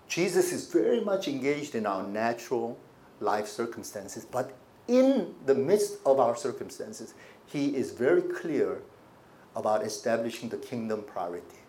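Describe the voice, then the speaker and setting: A man preaching a sermon as pastor, with animated delivery and congregation call-and-response. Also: mid-range voice.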